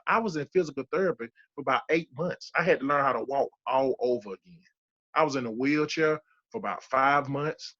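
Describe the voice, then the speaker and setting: A man's voice: medium pitch, fairly quick, fairly bright tone, highs cut off. Emphatic man in his thirties giving testimony. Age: 30s. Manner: emphatic, repeats key phrases for weight. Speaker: podcast guest giving a testimony. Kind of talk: emotional personal testimony.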